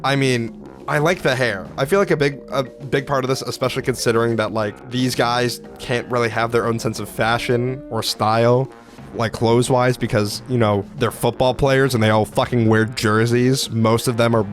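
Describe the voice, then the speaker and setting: Young male vlogger, mid-pitched, casual and profane, excitable fan energy. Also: normal speed, soft background music. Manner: profane, excitable, lots of "like" fillers. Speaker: anime video creator. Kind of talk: casual commentary ranking characters.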